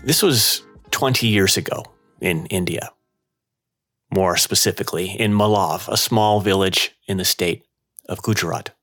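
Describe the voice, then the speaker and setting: A man hosting a podcast, narrating a personal story in a slow, measured way. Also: low-pitched, a bit bright, soft background music. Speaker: podcast host.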